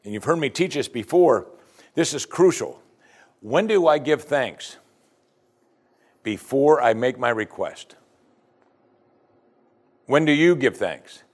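A man's voice: mid-range voice, slow, long pauses. A man preaching a sermon as pastor, teaching from scripture and acting out the prayers of his listeners. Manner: animated preaching, acts out prayers in quoted voices.

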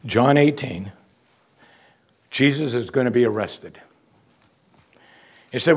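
A man's voice: mid-range voice, slow pace, long pauses, breathy edge. A man, a pastor, preaching an expository sermon in a conversational way and acting out quotes from the text.

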